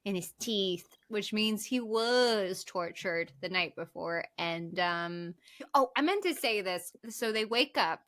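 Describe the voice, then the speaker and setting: A woman co-hosting a podcast in casual chat, animated and laughing often as she talks. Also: mid-range voice, slow. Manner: animated, laughs often, swears when worked up. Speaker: podcast co-host.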